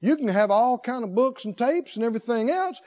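Animated preacher guy, high voice that swoops all over, dull lo-fi tape. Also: a little fast. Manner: animated, laughing, rhetorical questions. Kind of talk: sermon. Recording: dull lo-fi recording.

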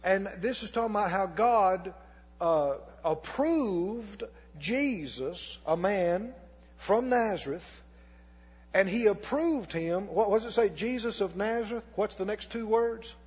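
A man preaching a sermon as pastor, reading scripture slowly and putting questions to the congregation that he answers himself. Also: high voice, expressive, darkish tone, slightly rough. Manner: reads scripture slowly and deliberately. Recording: long hall reverb, dull lo-fi sound.

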